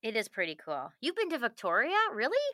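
A woman's voice: fairly high pitch, huge pitch swings, quick pace, sharp tone, no echo, studio quality. A woman from Canada, talking casually as a guest, chatty and laughing, with frequent restarts. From Manitoba, Canada. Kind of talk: casual conversation.

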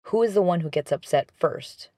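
A woman hosting a relationship advice talk, guiding the listener through a reflection in a calm, instructive way. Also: lowish voice, moderate pace, no echo, clean studio sound.

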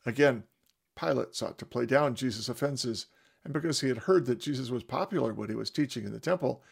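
A man's voice: medium pitch, a little fast, vocal fry, breathy edge. A man giving a dramatic first-person retelling of scripture, with varied emphasis. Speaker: storyteller.

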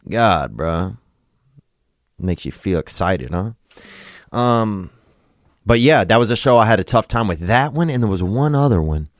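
A man's voice: lowish voice, expressive, a little slow, pauses often, no room sound, clean studio sound. A man from Louisiana, hosting a podcast in a rambling, profane, comedic monologue. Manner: rambling, profane, drawling asides. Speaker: podcast host.

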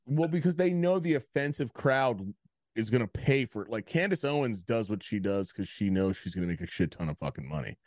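A man's voice: lowish voice, a little fast, no room sound, clean studio sound. A man co-hosting a podcast in casual banter, swearing freely and acting out the people he talks about. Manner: swearing, animated, mimics people mid-story. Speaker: podcast co-host.

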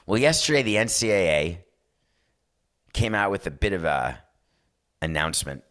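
A man in his fifties rants through a sports talk monologue with sarcastic energy. His voice sits a little low, and he keeps the delivery lively and opinionated. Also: moderate pace. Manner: animated, sarcastic, slips into mock voices.

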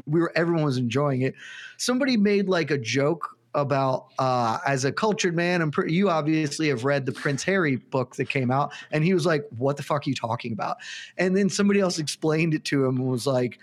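A man, talking casually on a sports podcast. He rambles through long, animated tangents and swears now and then. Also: fairly high pitch. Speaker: podcast panelist. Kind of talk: casual chat.

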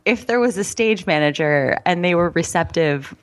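A woman guest in a candid, casual conversation, frank and quick-witted with laughing asides. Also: fairly low pitch, animated. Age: adult.

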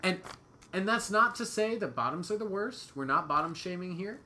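A man's voice: high voice, expressive, moderate pace, sharp tone, slight background noise. A young man co-hosting a podcast, joking crudely in casual banter. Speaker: podcast co-host.

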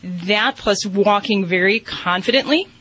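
A woman's voice: medium pitch, measured pace, a bit bright, slight background noise, low-quality recording. A woman giving dog-training advice to a caller on a call-in radio show, speaking steadily with frequent ums. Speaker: pet behavior expert.

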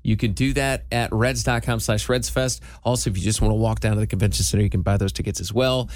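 A man's voice: fairly low pitch, steady tone, fast, darkish tone, no echo, studio quality. A man co-hosting a casual radio show, chatting playfully and telling stories at an easy pace. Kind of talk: casual morning show chat.

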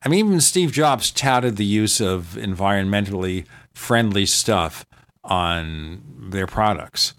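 A man's voice: lowish voice, lively intonation, measured pace, a bit bright. A man hosting a casual conversation, steering the topic along in a conversational way. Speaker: podcast host.

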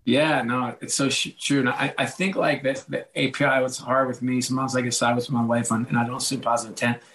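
A man's voice: medium pitch, flat delivery, fast, a bit bright, slight background noise, low-quality recording. A middle-aged man, an author, talking in a casual podcast interview, chatty and self-deprecating, acting out what others said to him. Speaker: author and guest.

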